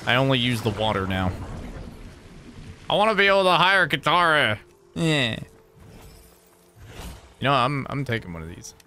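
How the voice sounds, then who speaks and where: A man's voice: medium pitch, big pitch swings, moderate pace, long pauses, bright, forceful tone, slight background noise. A man from New Jersey chatting playfully while streaming a video game. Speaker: gaming streamer. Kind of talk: casual live-stream commentary.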